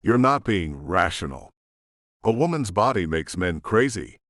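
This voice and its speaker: A man's voice: low-pitched, big pitch swings, a little slow, a bit bright, no room sound, clean studio sound, exaggerated voice. A man voicing a curt, paranoid hacker. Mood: accusing. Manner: clipped, dismissive. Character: paranoid, distrustful male hacker partner, curt. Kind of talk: audiobook character voice.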